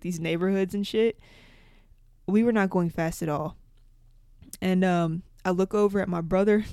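A young woman hosting a podcast, telling a story in a casual, profane, animated way. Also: lowish voice, smooth, no echo, clean studio sound. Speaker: podcast host.

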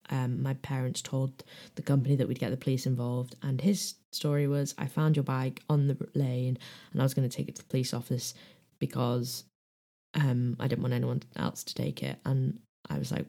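Young speaker with a British accent, gravelly and mellow. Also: mid-range voice. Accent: British English. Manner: rambling, frank, acts out quoted dialogue. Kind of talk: candid personal storytelling.

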